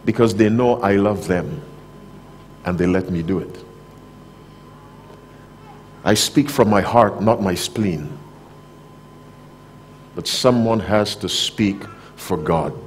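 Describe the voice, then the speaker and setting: A man preaching a sermon to a conference audience, talking directly, asking the crowd questions, and swinging between loud emphasis and soft, low asides. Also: slow, pauses often. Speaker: pastor. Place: conference hall, live audience.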